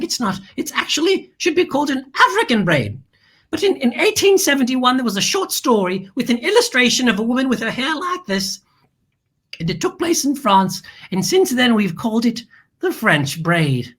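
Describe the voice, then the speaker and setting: A woman's voice: fairly high pitch, very animated, moderate pace, fairly bright tone, breathy edge. A woman hosting a family-friendly show in a flamboyant, theatrical manner, stretching her words and calling the viewer "darling".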